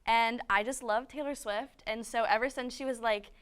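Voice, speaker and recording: A woman's voice: a little high, steady tone, moderate pace, smooth. A young woman telling casual, self-mocking stories in a chatty, dramatic way. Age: young adult. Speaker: student panelist. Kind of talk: casual storytelling.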